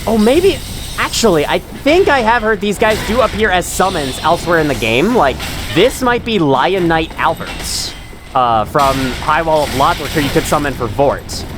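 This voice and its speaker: A man's voice: a little high, animated, moderate pace, music in the background. A man hosting a gaming channel, giving rambling, self-mocking let's-play commentary and chuckling to himself as he plays.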